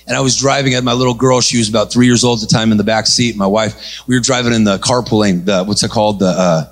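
A man preaching an energetic sermon, telling a story and calling out to the congregation. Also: on the low side, quick pace. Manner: animated, calls out to congregation.

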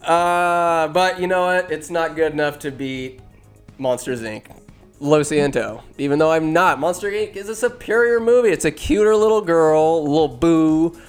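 A young man chats loosely and profanely as he ranks films, cracking self-deprecating jokes along the way. His voice sits a little high for a man. Faint music plays softly underneath. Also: moderate pace, smooth. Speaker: solo movie-ranking streamer. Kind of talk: casual rambling commentary.

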